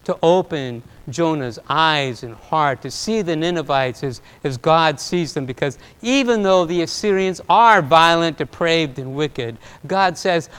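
A man preaching a sermon, telling a story with animation and swinging between loud and soft delivery. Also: a little high, expressive, unhurried, hardly any pauses, smooth. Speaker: pastor. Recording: long reverb of a large hall.

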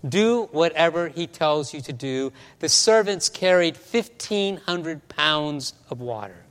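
A man's voice: on the high side, animated, slow, clear, resonant tone, in a large hall. A man pastor preaching a sermon, telling a story with many stammers and restarts, in a church.

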